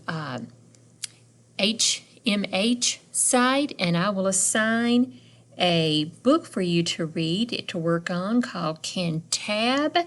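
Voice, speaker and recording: A woman's voice: medium pitch, fairly bright tone. A middle-aged woman teaching a phonics lesson to young readers, sounding out letters and words one by one and asking encouraging questions.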